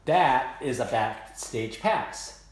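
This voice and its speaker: A man casually telling a story and showing off his guitars at home, rambling and animated. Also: mid-range voice, drawn-out words, roomy sound. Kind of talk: casual storytelling and show-and-tell. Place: room at home, guitar workshop.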